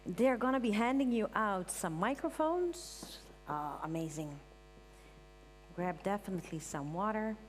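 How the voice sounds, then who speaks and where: A woman hosting a live stage event, thanking the crew and calling people up in a lively, informal way. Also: mid-range voice, measured pace. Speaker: event host. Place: large event hall with audience. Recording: hall reverb, audience, faint hum.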